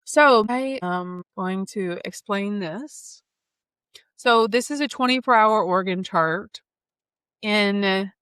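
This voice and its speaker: Hosting an astrology reading, a woman in her thirties who works as an astrologer and podcaster talks in a flowing, enthusiastic way, using spiritual terms in casual conversation. Her mid-range voice is fairly bright, clear, and resonant, captured in a dry recording.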